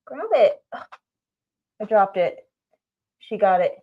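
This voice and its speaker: A woman's voice: medium pitch, expressive, slow pace. Easygoing woman, muffled stream audio. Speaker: livestream co-host. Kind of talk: casual livestream chat.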